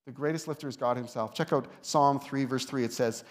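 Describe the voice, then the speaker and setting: Pastor guy giving a chatty sermon in church, mid voice, gets louder on the big points. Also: mid-range voice, fairly quick, hardly any pauses. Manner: conversational, with soft asides and lifted emphasis. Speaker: lead pastor. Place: church sanctuary.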